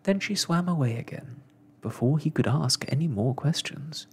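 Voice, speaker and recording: A storyteller reading a children's story aloud in a whispered role-play, soft and hushed. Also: medium pitch, lively intonation, moderate pace, slightly rough.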